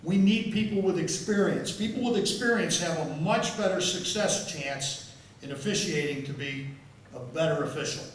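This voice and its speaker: With a fairly high pitch and moderate pace, an older football official gives an after-dinner speech as guest speaker, enjoying his own stories and repeating words often. He's recorded from far off in the echoey hall of a large members' dining room, slight background noise present.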